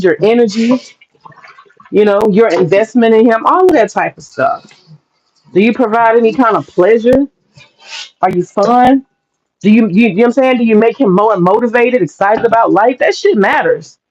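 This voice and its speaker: A woman's voice: on the high side, darkish tone. Frank, laughing woman vlogger, lo-fi. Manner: frank, profane, laughs often. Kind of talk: casual opinion monologue.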